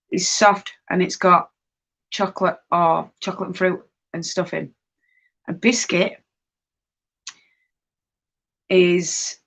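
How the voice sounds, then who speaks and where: A woman's voice: fairly low pitch, a bit bright. A woman hosting a casual live stream from home while knitting. She chats and reads viewer comments aloud, reacting to them as she goes. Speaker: livestream host.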